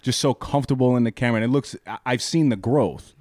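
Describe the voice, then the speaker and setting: A man co-hosting a podcast, chatty and friendly, reacting quickly and asking questions. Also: medium pitch, darkish tone, dry recording, clean studio sound. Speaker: podcast co-host. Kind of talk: casual chat.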